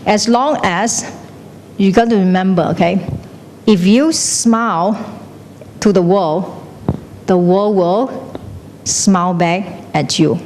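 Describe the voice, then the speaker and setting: A woman's voice: slow pace, long pauses, a little mellow. A woman teaching a class, chatty, often checking in with "okay?" and slipping into Chinese phrases. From Malaysia. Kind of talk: classroom lecture. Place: classroom hall. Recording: echoey hall with faint rumble.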